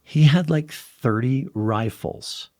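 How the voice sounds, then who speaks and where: A young man in a casual podcast conversation, telling a story animatedly and dropping to a hush at tense moments. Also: mid-range voice, takes it slowly. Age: young adult. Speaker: podcast guest.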